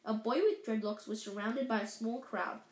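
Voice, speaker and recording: Woman reading a story aloud; somewhat high voice, stumbles and self-corrects, roomy echo. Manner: halting, with slips and self-corrections. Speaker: reader. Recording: echoey room.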